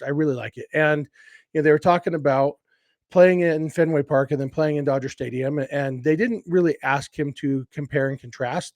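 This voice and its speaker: A man's voice: mid-range voice, darkish tone, dry recording, studio quality. A man hosting a casual solo sports podcast, talking enthusiastically in a rambling way with restarts and asides. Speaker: podcast host.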